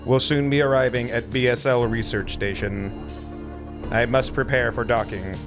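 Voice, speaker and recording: Guy reading as a terse lady bounty hunter, steady and plain, game music in the back. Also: medium pitch, moderate pace, pitched below the performer's own voice, close to an everyday voice. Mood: reflective. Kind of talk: reading game dialogue aloud.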